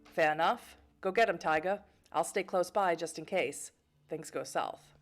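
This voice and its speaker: A woman voicing a blunt, wisecracking male vampire informant with a gravelly voice. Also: a little high, unhurried, a bit bright, faint music behind. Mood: encouraging.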